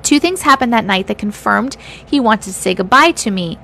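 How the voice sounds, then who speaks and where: A woman's voice: on the high side, animated, gravelly, fairly bright tone, slight background noise. Chatty woman reading stories on a livestream. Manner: chatty, teasing and blunt with viewers; reads aloud with feeling, pausing to react.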